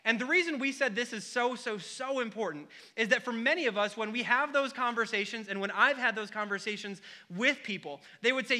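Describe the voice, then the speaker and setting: A young adult man from Wisconsin preaching a sermon, telling a funny family story with quick comic asides. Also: extremely high pitch, bright, forceful tone. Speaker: pastor.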